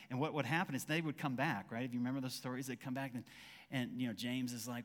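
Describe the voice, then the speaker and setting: A man's voice: mid-range voice, fast talker, big-room sound. A man preaching a conversational sermon as pastor, acting out quoted dialogue with frequent restarts.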